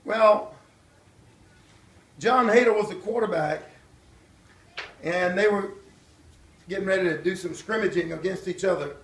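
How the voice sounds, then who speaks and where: An older man telling his life story to a church audience, animated and acting out voices and shouts. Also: high-pitched, unhurried, pauses often, a little hiss or hum. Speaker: guest speaker. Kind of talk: storytelling testimony at a church event. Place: church hall. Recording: echoey hall from far off.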